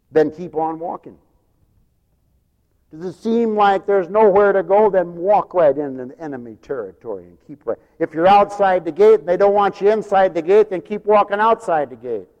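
A man preaching a sermon with big dramatic swings, from loud proclaiming down to hushed storytelling. His voice sits high, and a long reverb trails each phrase as if in a large hall. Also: muffled recording.

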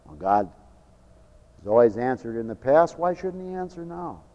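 A middle-aged man preaching a fiery sermon, swinging from loud shouts to quiet joking asides. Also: medium pitch, big pitch swings, moderate pace, long reverb tail, dull audio. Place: large church hall.

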